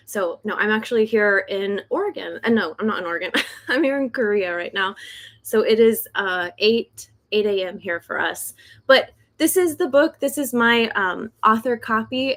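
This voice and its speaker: A young woman with a slightly high voice chats nervously to viewers on a livestream from home. She laughs often and talks in a loose, friendly way. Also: fairly bright tone. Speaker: host of a decluttering channel, author. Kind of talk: casual livestream chat. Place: home in South Korea.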